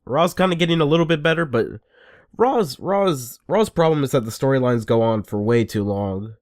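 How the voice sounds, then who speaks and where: A man's voice: medium pitch, expressive, normal speed. A man giving a casual, rambling and sarcastic review rant, full of restarts. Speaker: wrestling reviewer.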